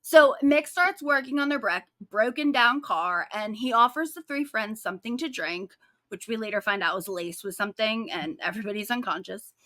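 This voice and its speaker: Bright, animated woman podcast co-host. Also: on the high side, normal speed, no room sound, clean studio sound. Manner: animated, sarcastic storytelling with frequent likes. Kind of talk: casual true-crime chat.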